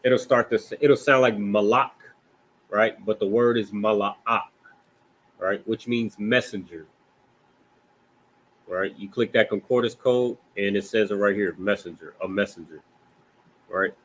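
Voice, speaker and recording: A man's voice: on the low side, low-quality recording. Casual man teaching word by word. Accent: American English. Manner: loose, conversational, with frequent "right?" and "you know what I mean?"; slows down to pronounce words carefully. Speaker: scripture class teacher. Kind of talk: informal language class.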